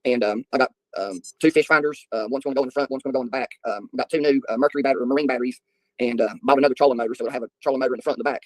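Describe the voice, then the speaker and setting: A man's voice: medium pitch, steady tone, rapid-fire, no room sound. A middle-aged man telling rambling, folksy stories to viewers on a casual livestream, often chuckling. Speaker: livestream host. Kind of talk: casual storytelling chat with viewers.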